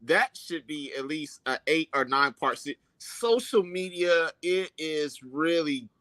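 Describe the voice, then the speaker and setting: A man's voice: on the high side, animated, slow pace, sharp tone, dry recording. A man co-hosting a talk broadcast, speaking earnestly and calling his co-host brother. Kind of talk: casual talk show discussion.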